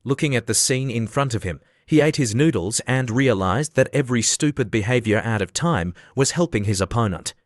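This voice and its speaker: A man narrating a scripted story recap in an even, steady reading. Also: mid-range voice, fairly quick, hardly any pauses, dry recording, studio quality.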